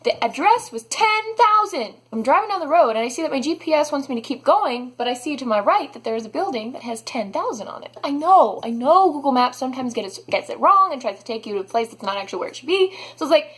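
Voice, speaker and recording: A young woman telling a storytime vlog, animated and dramatic, saying "like" a lot. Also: high-pitched, fairly quick, slightly rough. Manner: animated, dramatic, heavy use of "like". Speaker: vlogger.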